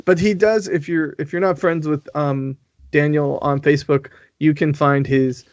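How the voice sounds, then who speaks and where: An American man hosting a podcast in casual chat, chatty and quick to laugh, with many restarts. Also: a little high, fairly even intonation, dry recording, muffled recording. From United States. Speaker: podcast host.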